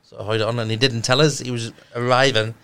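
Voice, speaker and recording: A man's voice: mid-range voice, level tone, quick pace, fairly bright tone, smooth. A man telling dry, joking stories in casual chat. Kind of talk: casual storytelling.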